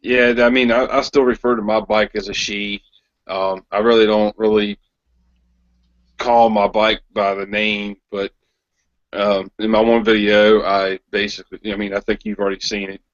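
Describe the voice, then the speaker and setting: Hesitant low-voiced man. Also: little pitch movement, moderate pace, no echo, lo-fi sound. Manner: hesitant, lots of ums and restarts. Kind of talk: casual chat.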